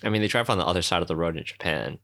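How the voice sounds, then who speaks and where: A man co-hosting a casual chat podcast, teasing his friend and quick to joke. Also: low voice, creaky, fairly bright tone. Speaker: podcast co-host.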